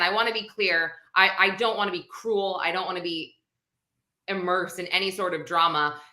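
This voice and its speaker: Bright chatty woman host in an echoey room. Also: fairly low pitch. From United States. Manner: chatty, rambling, with many fillers. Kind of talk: casual live-stream chat.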